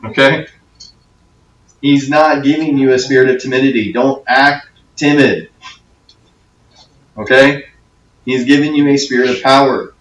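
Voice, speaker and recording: A man's voice: mid-range voice, fairly even intonation, a little slow, pauses often, a bit bright, highs cut off. A man as youth pastor giving a conversational talk to teens, often checking in with "okay?". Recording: echoey room, from a distance.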